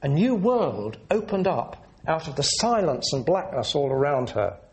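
A man delivers a sermon in an earnest, measured way. His voice sits a little high and moves in lively swings of pitch. He leans into key words to stress them. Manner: earnest, measured teaching delivery with rising emphasis. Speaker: preacher.

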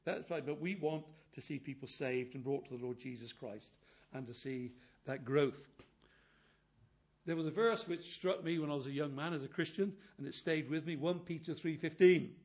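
An older man preaching with a slightly raised pitch. He is earnest and quotes scripture often, dropping to quiet asides and then building to emphatic, louder passages. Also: moderate pace, husky. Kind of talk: sermon.

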